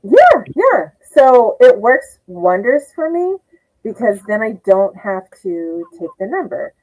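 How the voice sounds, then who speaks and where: A middle-aged comedian guest of Japanese heritage, she rambles through funny anecdotes, laughing often and acting out other people's remarks. Her slightly high, darkish voice moves slowly with big pitch swings, and the audio is poor.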